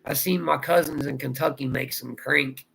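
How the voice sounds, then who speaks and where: A man's voice: medium pitch, fairly even intonation, moderate pace, creaky, fairly bright tone, slight background noise, poor audio. A man from Ohio with a Southern drawl, rambling through a casual livestream chat and answering viewer comments aloud. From Ohio, USA. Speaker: livestream host.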